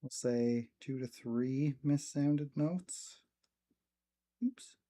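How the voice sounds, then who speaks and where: A man's voice: medium pitch, extremely slow. Rambling male guitar teacher. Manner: relaxed, rambling, many ums. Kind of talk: casual live-stream lesson.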